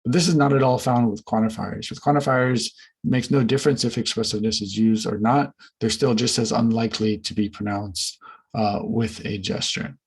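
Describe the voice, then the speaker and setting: A man presenting research findings in an academic conference talk, measured and careful, with frequent fillers and restarts. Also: lowish voice, fairly even intonation, breathy edge, rough recording.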